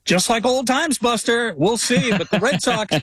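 A man's voice: extremely high pitch, normal speed, fairly bright tone, slightly rough, dry recording. Upbeat man guest on a sports show. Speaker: guest, graphic artist and author. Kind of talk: casual sports chat.

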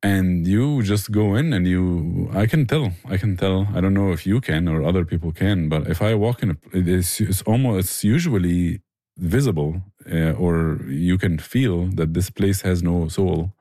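A man's voice: deep voice, moderate pace, dark tone, dry recording, studio quality. A man, a barbecue restaurant owner answering interview questions earnestly and enthusiastically, often restarting his phrases.

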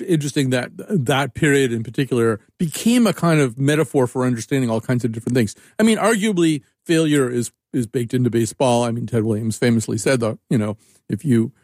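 A man's voice: mid-range voice, darkish tone, no echo, studio quality. A man hosting an interview, musing in a reflective way before he asks his guest for his thoughts. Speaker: interviewer host. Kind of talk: conversational interview.

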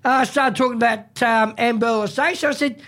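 Australian man, high voice, rambling storyteller host. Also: steady tone, brisk, fairly bright tone. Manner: rambling storyteller, repeats himself. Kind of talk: casual chat.

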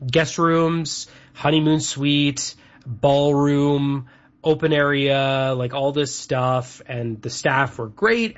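A man's voice: medium pitch, breathy edge. A man from Canada co-hosting a show, rambling chattily through lists with lots of fillers. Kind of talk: casual chat. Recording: dull lo-fi sound.

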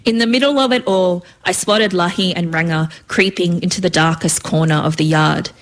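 A woman's voice: lowish voice, steady tone, normal speed. A woman reading her own story aloud in a vivid, rhythmic way. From Australia.

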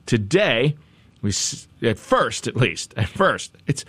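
Male news talk host, mid-pitched, wry and chatty, dry recording. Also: sing-song, takes it slowly, a bit bright, breathy edge, no room sound. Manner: wry, chatty asides and repeated phrases. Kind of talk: conversational news commentary.

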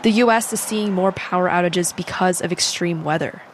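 A woman reporting a public radio news story in a measured, clear voice. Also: lowish voice, a little hiss or hum.

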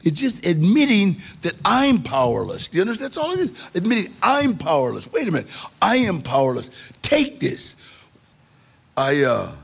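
A man telling his life story in a lively, conversational way, acting out the quotes from the people in it. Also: high-pitched, normal speed. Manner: gravelly, animated storytelling with acted quotes. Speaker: storyteller guest. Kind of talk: personal storytelling.

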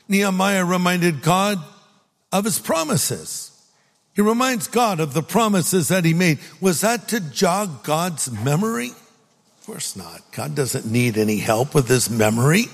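A man's voice: fairly high pitch, long reverb tail. A man preaching a sermon, earnest and conversational, asking the listeners questions as he reads and explains scripture. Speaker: pastor.

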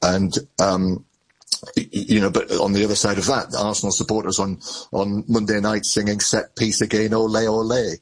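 A man working as a football correspondent, giving measured live analysis with frequent restarts. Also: fairly low pitch, flat delivery, slightly rough, rough recording.

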